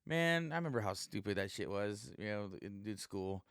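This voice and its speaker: A man with a low, smooth, resonant voice talks on his own podcast in a loose, meandering way, swearing freely and filling gaps with "uh" and "you know." He sounds like a stand-up comic just shooting the breeze. The recording is close and dry, with no room sound. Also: lively intonation, moderate pace, a bit bright, no room sound. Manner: rambling and profane, heavy with fillers. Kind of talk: casual solo podcast monologue.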